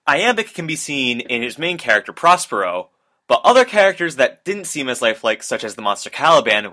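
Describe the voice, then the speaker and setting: Young guy reading a class presentation out loud, bright voice, pitch jumping around. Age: young adult. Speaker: student presenter. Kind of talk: read school presentation.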